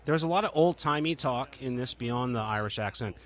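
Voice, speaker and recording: A man's voice: mid-range voice, a little fast, fairly bright tone. A man co-hosting a podcast, talking casually in a wry, questioning way. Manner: wry, questioning, hesitant with fillers. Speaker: podcast co-host. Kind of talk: casual chat.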